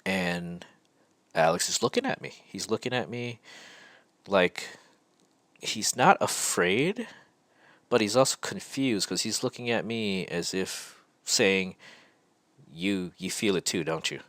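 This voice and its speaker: A man's voice: low voice, expressive, slow, pauses often, fairly bright tone, no room sound. A middle-aged man hosting a podcast, telling a personal story in a reflective, hesitant way with many fillers and restarts. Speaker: podcast host. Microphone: podcast mic.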